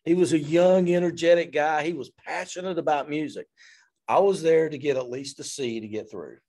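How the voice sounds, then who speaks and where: A man, a fire service instructor telling a story in an interview in an animated, self-deprecating way. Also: fairly high pitch, moderate pace.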